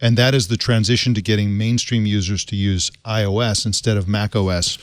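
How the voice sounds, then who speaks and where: A man's voice: lowish voice, little pitch movement, a little fast, no room sound, clean studio sound. A man joining a tech panel as a guest, explaining his views in casual talk.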